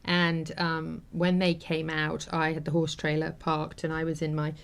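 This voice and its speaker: A woman's voice: sits low, monotone, unhurried, creaky, clear, resonant tone. A woman hosting a talk show, telling a personal story in an earnest, heartfelt, rambling way with many fillers. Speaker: host.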